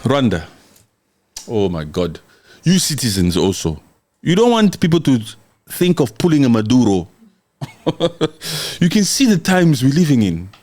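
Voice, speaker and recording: A young man works through a document in a heated political rant, mixing scolding, sarcasm and mock quotes. His pitch swings in a sing-song way and his tone is a little mellow, but he goes a little slow, pausing often, and stays emphatic and confrontational throughout.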